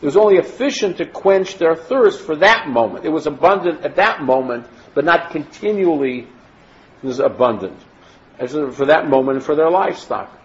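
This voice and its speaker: A man with a fairly high voice leads a Torah text class. He reads passages aloud and explains them, often restarting his sentences. The recording is dull and lo-fi. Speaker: Torah teacher.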